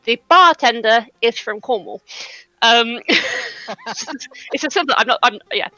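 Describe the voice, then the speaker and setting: A woman's voice: a little high, expressive, slow, bright, forceful tone, no echo, highs cut off, faint music behind. A woman game master chatting on a panel, self-deprecating and laughing often. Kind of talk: casual panel chat.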